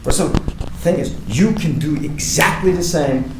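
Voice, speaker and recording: A man from Uzbekistan whose first language is Uzbek, giving an animated motivational talk to students that is full of repetitions and questions like "right?". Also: on the high side, moderate pace. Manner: animated, repeats himself, keeps asking "right?". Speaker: guest presenter at a language academy. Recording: heavy echo, far from mic, faint noise.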